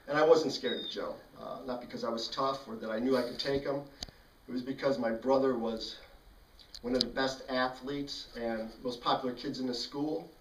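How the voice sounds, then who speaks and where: A man tells a childhood story in a relaxed, matter-of-fact way, with a dry, wry edge. His voice sits at an ordinary pitch for a man. The recording is roomy, with the mic set some distance away. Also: normal speed, lo-fi sound, slight background noise. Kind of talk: casual spoken storytelling.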